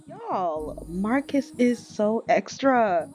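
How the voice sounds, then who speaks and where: A woman's voice: mid-range voice, lively intonation, takes it slowly, few pauses, darkish tone. A woman giving casual, chatty gameplay commentary as a YouTuber, often laughing and calling the viewers y'all. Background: faint background music.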